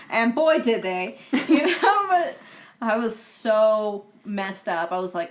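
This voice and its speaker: A woman's voice: on the high side, takes it slowly. A young woman co-hosting a podcast, telling a story in casual chat and laughing often as she goes. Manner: animated, laughs through her stories. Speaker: podcast co-host.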